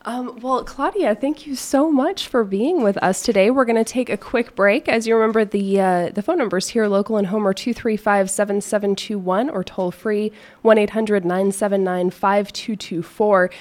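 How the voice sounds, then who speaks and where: A woman hosts a local call-in radio program, with a mid-range voice. She reads out phone numbers at a slow, careful pace and talks easily with her guest. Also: mid-range voice, darkish tone. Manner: friendly, giving out phone numbers slowly. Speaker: radio talk show host.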